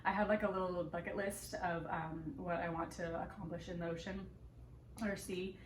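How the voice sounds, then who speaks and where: A woman's voice: lowish voice, flat delivery, moderate pace. Bubbly young woman vlogger, giggly. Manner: bubbly, giggly, talking while eating. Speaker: vlogger answering viewer questions. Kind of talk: casual chat. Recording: echoey room with faint background noise.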